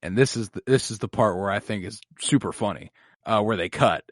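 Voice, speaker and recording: A man's voice: lowish voice, no room sound, clean studio sound. A man co-hosting a podcast in casual chat, swearing freely and acting out characters' lines. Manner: swears freely, acts out characters' lines in quick mock voices. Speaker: podcast co-host recapping episodes.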